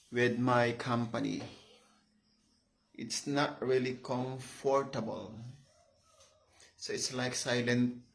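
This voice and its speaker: A man's voice: mid-range voice, gravelly. A man with a Filipino accent giving a casual vlog lesson on English pronunciation, patiently explaining and repeating words and spelling them out.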